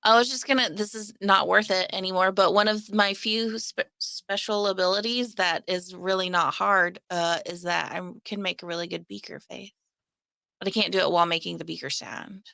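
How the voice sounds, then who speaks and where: A woman co-hosting a casual live chat, telling animated stories and laughing often. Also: medium pitch, normal speed, gravelly, no echo. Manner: animated, giggly storyteller. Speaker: show co-host.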